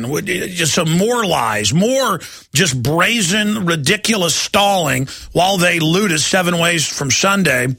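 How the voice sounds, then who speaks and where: A male talk radio host with a gravelly, bright edge and a fairly high voice. He rants in a combative, rapid-fire way. The studio sound is dry and close. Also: animated, dry recording. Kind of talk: heated call-in radio talk.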